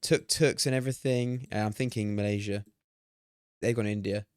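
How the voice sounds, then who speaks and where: A young man streaming a game, talking excitedly, swearing and laughing at himself. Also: on the low side, moderate pace, clean tone, dry recording, studio quality. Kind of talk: live-stream gameplay commentary.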